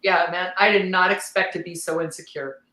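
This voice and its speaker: A woman guest on a podcast, telling her story in a candid, lively way, laughing often and acting out what others said. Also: lowish voice, brisk, echoey room, low-quality recording. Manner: animated, laughs often, acts out quoted voices.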